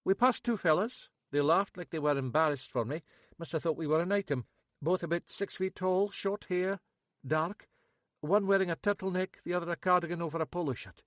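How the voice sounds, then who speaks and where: A man voicing an odd, blunt Scottish man with a sharp memory, talking raised and insistent as he rattles off details. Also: on the high side, fairly quick, no echo, clean studio sound, pitched above the performer's own voice, close to an everyday voice.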